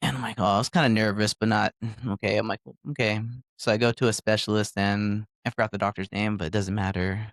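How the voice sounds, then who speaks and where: Low-voiced man telling his story. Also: flat delivery, fast talker, dry recording, studio quality. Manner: rambling, emotional storytelling with nervous laughs and self-corrections. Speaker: guest. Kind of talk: personal testimony in a podcast conversation.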